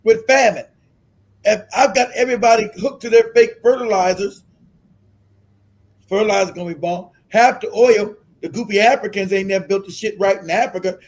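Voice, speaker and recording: A man hosting a live stream, ranting in a profane, combative way and shouting at times. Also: high voice. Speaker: streamer host.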